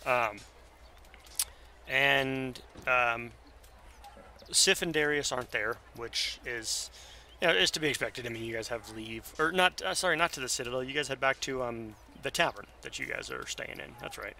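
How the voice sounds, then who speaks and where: A man narrating as game master for a tabletop game, halting with many ums and self-corrections. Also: medium pitch, bright, forceful tone, slight background noise.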